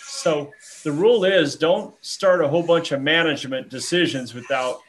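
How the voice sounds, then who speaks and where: A man's voice: a little high, moderate pace, slight background noise. A man hosting a casual group chat, who jumps in with long conversational explanations.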